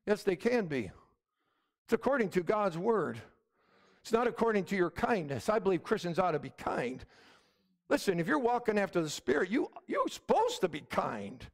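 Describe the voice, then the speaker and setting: A middle-aged male pastor delivers an emphatic sermon in a very high voice. His pitch swings widely and stays lively, and he keeps asking the room for an "Amen?". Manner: emphatic preaching, repeated calls of "Amen?".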